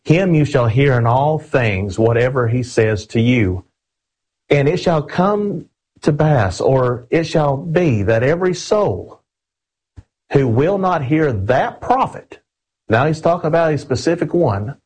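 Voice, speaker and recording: Male preacher, husky voice, earnest and emphatic delivery, slows for scripture readings. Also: mid-range voice, animated, darkish tone, low-quality recording. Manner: earnest, emphatic, addresses listeners as friends. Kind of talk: sermon.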